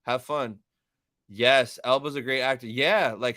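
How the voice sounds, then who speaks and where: A young man hosting a live stream, reading chat and thanking viewers in an upbeat, chatty way. His voice is smooth and clear, at a middle pitch. The sound is dry and close to the microphone. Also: steady tone, measured pace, pushed and bright, no room sound.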